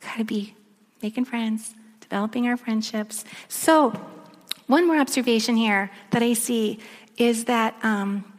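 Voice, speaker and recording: A woman giving a sermon, telling a story and dropping to a soft near-whisper at emotional moments. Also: on the high side, measured pace. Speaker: speaker. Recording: echoey long reverb of a large room.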